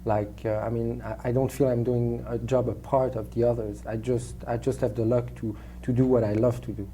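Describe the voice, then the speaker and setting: A man with a French accent answering interview questions in a halting way, repeating words and filling pauses with "uh". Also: mid-range voice, little pitch movement, dark tone, slight background noise. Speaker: film actor being interviewed.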